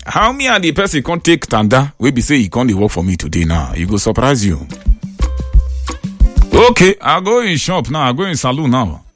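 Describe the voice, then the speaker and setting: A man's voice: medium pitch, moderate pace, faint music behind. A man with a Nigerian accent hosting a chatty radio call-in show, telling stories with frequent laughter and mixing Pidgin with English. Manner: animated storyteller, laughs often, mixes Pidgin and English.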